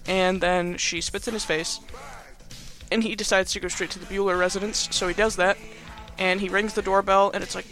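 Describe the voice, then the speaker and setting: Bright-voiced young guy recapping a film. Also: high voice, steady tone, fairly quick, creaky, faint music behind. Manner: rambling, filler-heavy, playfully sarcastic. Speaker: podcast host. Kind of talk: casual movie recap.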